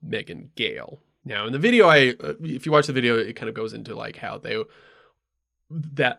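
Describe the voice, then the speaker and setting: A man's voice: fairly low pitch, gravelly, pushed and bright. A man hosting a podcast, telling a rambling story in casual chat, full of ums and asides. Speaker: podcast host.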